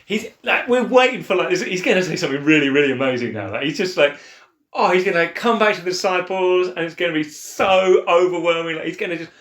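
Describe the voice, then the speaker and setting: A man co-hosting a church Bible podcast, chatting in an animated way and acting out quotes with laughter. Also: fast. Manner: animated, acts out quotes with big pitch swings and laughs. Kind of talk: casual Bible discussion. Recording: echoey room.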